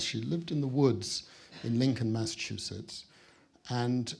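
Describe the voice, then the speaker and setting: British male speaker with a husky voice, middle pitch, dry anecdotal delivery at an exhibition opening. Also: expressive, normal speed, darkish tone. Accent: British English. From Britain. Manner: wry, storytelling with dry understatement. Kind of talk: anecdotal speech to an audience. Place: museum building, speaking to an audience.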